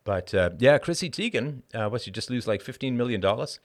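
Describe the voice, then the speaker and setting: A man's voice: mid-range voice, expressive, brisk. A man hosting a live call-in show, delivering a heated monologue in an emphatic, blunt and profane way, with sardonic asides and rhetorical questions.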